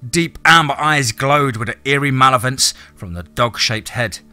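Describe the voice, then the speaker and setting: Bright, measured male audiobook narrator. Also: medium pitch, faint music behind. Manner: measured, dramatic.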